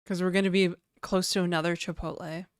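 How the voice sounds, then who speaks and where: Rambling woman streamer reading chat; smooth voice, dry close mic. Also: on the low side, little pitch movement, fairly quick, dry recording. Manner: rambling, chatty, reads chat aloud. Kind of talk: casual live-stream chat.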